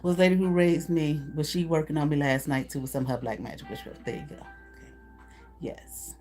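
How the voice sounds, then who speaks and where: A woman's voice: low-pitched, steady tone, a little fast, warm tone, soft background music. A woman doing a live card reading, talking bluntly and profanely while laughing often between remarks. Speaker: intuitive card reader.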